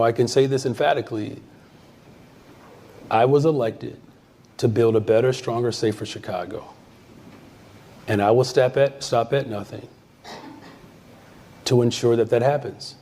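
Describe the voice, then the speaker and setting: A man in politics answering a reporter, halting and repeating words before turning emphatic. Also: mid-range voice, fairly even intonation, warm tone. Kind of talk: answering an interview question.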